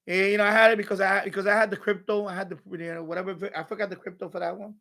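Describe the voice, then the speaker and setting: A man's voice: high voice, flat delivery, very fast, sharp tone. A man hosting a home live stream from his radio room, rambling and ranting with profanity and mocking asides.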